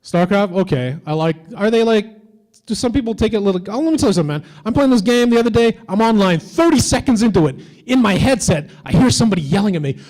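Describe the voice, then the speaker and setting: A man's voice: high-pitched, lively intonation, fast, a little mellow, low-quality recording. A man doing a stand-up comedy set on a convention stage, with edgy, teasing banter toward the crowd.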